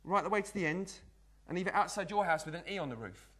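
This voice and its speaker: A man's voice: sits high, lively intonation, fast, a bit bright. A man playing a cheeky young Victorian apprentice magician, doing a live card trick in chatty patter. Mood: playful. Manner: chatty, patter-filled, keeps saying "look". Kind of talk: live magic act in character.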